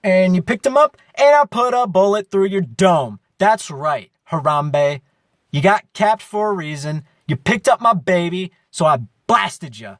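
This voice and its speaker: A man's voice: sits high, lively intonation, a little slow, dry recording, clean studio sound. A man in a comic interview, ranting in an exaggerated way that swings from mock-tender to threatening. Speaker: fantasy league player in a comic interview. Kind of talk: mock-angry comic rant.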